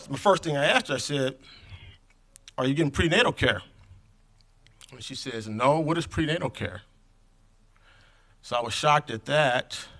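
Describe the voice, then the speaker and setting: Earnest, bright-voiced man telling a story. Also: mid-range voice. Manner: earnest, conversational, drifts off script. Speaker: conference speaker on infant health programs. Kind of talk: personal storytelling talk.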